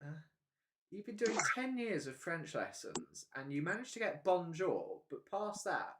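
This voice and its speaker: A man's voice: high-pitched, sing-song, a little slow, heavy background noise. A man hosting a live stream, chatting casually and rambling with frequent hesitations and laughs. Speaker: livestream host.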